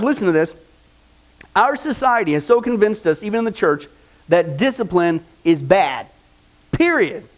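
Middle-aged pastor guy preaching, kinda high voice, keeps asking the crowd questions. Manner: conversational preaching with rhetorical questions. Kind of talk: sermon.

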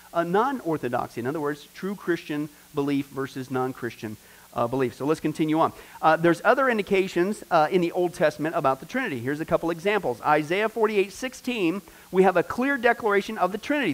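Middle-aged male pastor, high-pitched, conversational teacher who quizzes his class.

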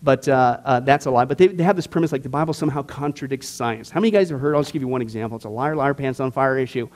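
A man's voice: medium pitch, fast. A man teaching a Bible study class in a casual, emphatic way, cracking jokes and asking the group questions.

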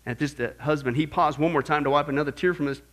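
A man preaching a sermon to his congregation, animated and joking, firing off rhetorical questions. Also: fairly high pitch, fast talker. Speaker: pastor.

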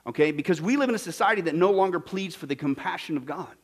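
Animated high-voiced preacher man. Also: fast. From Kansas, United States. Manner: animated, jokey, swings from loud to hushed. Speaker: pastor teaching a Bible study. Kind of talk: sermon.

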